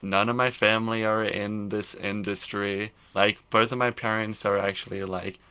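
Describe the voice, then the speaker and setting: A man's voice: fairly low pitch, little pitch movement, normal speed, sharp tone, smooth. A young adult man, a filmmaker and podcast guest, chatting casually and rambling with frequent restarts. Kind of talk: casual interview chat.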